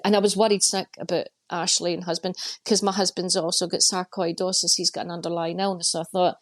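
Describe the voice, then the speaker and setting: A woman's voice: on the low side, fairly even intonation, a little fast. A middle-aged Scottish woman in an interview, telling stories with dry humor and acting out the voices she quotes. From Scotland. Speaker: comedian guest. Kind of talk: candid interview storytelling.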